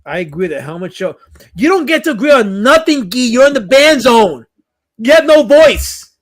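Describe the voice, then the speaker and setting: A man's voice: very high voice, very animated, fairly bright tone. A man hosting a livestream in casual banter, ranting in mock outrage and answering the chat. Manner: indignant, mock-outraged rants; fast, restless, talks back to chat. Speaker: livestream host.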